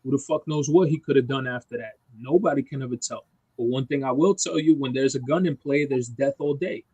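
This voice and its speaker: A man's voice: mid-range voice, a little fast, mellow, breathy edge, dry recording, highs cut off. A man talking on a casual podcast, ranting emphatically with lots of profanity. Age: adult parent. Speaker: podcast co-host. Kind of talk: heated casual chat.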